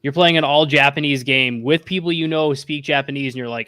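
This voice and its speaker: A man's voice: fairly high pitch, a little fast, pushed and bright, smooth, dry recording, studio quality. A man co-hosting a casual anime review podcast, rambling with lots of fillers and restarts as he sums up episodes. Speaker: podcast co-host.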